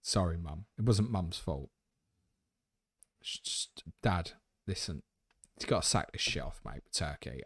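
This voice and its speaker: Casting: male stream host, lowish voice, dry close sound, blunt and jokey, swears freely. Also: no echo. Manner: blunt, swearing, matey banter. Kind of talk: live Q&A stream.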